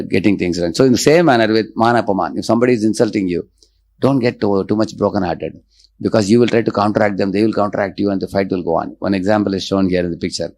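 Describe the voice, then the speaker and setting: A man gives a spiritual lecture in a fairly low voice. He explains scripture with everyday examples and recites verses in Sanskrit. He keeps checking in with his listeners through short "huh?" and "hmm" tags. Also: darkish tone. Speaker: spiritual teacher.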